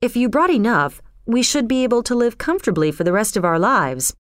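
A woman's voice: fairly high pitch, lively intonation, fairly quick, dry recording, studio quality, natural voice. A woman voicing an eager young man in a storybook reading, in her own plain voice.

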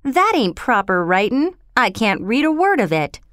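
Brash young Cockney flower girl, voiced by a woman reader; high, lively, loud, drops her g's. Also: moderate pace, dry recording, studio quality. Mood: cheeky. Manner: loud, complaining, dropped g's.

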